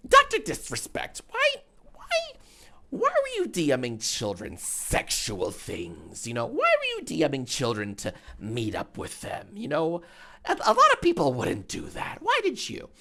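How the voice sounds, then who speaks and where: A man voicing a pompous, high-voiced male celebrity interviewer who asks prying, needling questions. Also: wildly swooping pitch, a little slow, bright, forceful tone, exaggerated voice.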